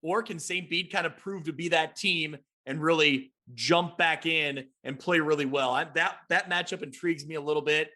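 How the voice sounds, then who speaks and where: A man hosting a sports talk podcast who gives energetic, quick recaps of high school football games. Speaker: podcast host.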